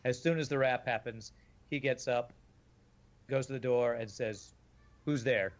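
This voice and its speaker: A man describes his character's moves in a tabletop game, one careful step at a time. His voice sits at a middle pitch. The recording sounds dull and lo-fi. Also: fairly even intonation, normal speed. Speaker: player. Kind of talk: casual in-character game talk.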